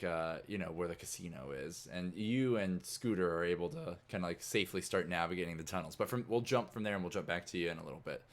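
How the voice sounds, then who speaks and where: A man's voice: low-pitched, fairly bright tone. A man narrating as game master of a tabletop game, telling the scene in a loose, rambling way. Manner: loose, rambling storytelling full of "like".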